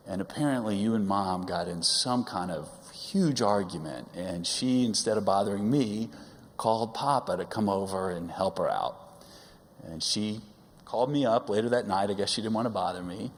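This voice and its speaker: A middle-aged father giving a speech at his son's coming-of-age service in a synagogue, full of wry teasing humor and halting pauses. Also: lowish voice. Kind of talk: personal speech at a religious service. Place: large synagogue sanctuary. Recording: long hall reverb.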